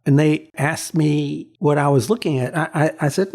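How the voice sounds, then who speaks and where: A man in his sixties, a photographer being interviewed, telling stories in a halting way with many repeats and fillers. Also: on the high side, a little mellow. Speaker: photographer, guest. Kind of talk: reflective storytelling in an interview.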